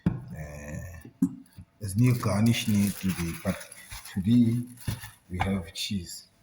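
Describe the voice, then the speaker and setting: Guy, very low voice, slow easy talk, keeps singsonging the same words, noisy home recording. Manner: playful, chants repeated words while cooking. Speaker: cooking vlogger. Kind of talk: casual cooking vlog.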